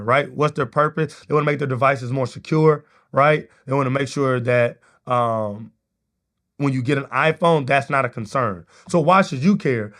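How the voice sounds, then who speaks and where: A man hosting a solo leadership podcast, talking in a casual, energetic way and often checking in with "right?". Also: on the high side. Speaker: podcast host. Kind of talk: motivational solo podcast talk.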